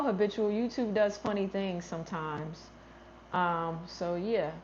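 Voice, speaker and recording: In a casual gardening livestream, a woman fields viewer comments and thinks aloud, often trailing off before starting over. Her voice is lowish and steady, a little slow, and the slightly dull lo-fi recording has slight background noise.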